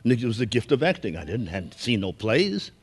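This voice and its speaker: An older man from Brooklyn delivers a keynote as a relaxed, anecdotal storyteller. He speaks at a mid-range pitch in a folksy way and chuckles along with the crowd. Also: a little fast, husky. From Brooklyn, New York. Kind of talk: storytelling speech.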